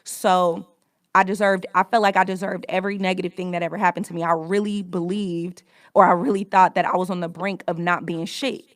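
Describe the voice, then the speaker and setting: A woman's voice: lowish voice, level tone, fairly quick, no room sound. A woman in her thirties hosting a podcast, telling a personal story in a candid, reflective way with frequent swearing. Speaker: podcast host.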